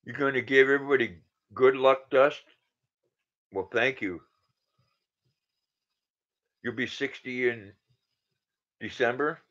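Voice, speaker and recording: A man's voice: medium pitch, steady tone, takes it slowly, pauses often, fairly bright tone. A man in his sixties hosting a casual livestream, greeting viewers by name and reading their comments aloud. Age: 60s. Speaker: livestream host. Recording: dull lo-fi sound.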